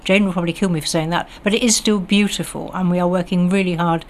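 Talking fast in a lowish, fairly even voice, an older woman from the West Country of England chats as a local radio guest. Her accent is southern English received pronunciation, and she's chatty yet hesitant, with many ums and restarts.

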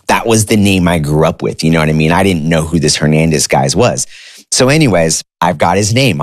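A man in his thirties casually telling a personal story, animated, acting out the voices of the people he quotes. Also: sits low, no echo, clean studio sound. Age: 30s.

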